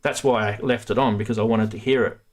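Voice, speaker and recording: A man's voice: fairly low pitch, fairly even intonation, fast. A man hosting a casual livestream from a home studio, chatty and laughing often. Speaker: livestream host.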